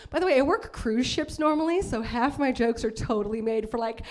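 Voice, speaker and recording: A woman's voice: fairly high pitch, a little fast, darkish tone. A woman performing a bawdy live stand-up set in a comedy club, brash and laughing at her own jokes.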